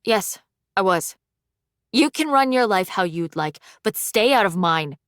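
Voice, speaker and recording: A woman's voice: medium pitch, expressive, measured pace, fairly bright tone, smooth, no room sound, studio quality. A woman voicing a guarded, prickly young woman sharpshooter who speaks curtly, in an audiobook. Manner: guarded, curt. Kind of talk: audiobook dialogue.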